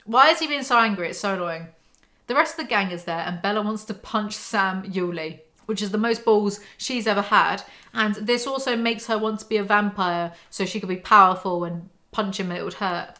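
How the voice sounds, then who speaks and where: A young woman with a mid-pitched, everyday voice hosts a book breakdown vlog. She reads passages aloud and cuts in with sarcastic, exasperated remarks. She speaks close to the mic. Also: fairly even intonation, moderate pace, pushed and bright. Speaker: book commentary host. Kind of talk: reading from a novel with sarcastic commentary.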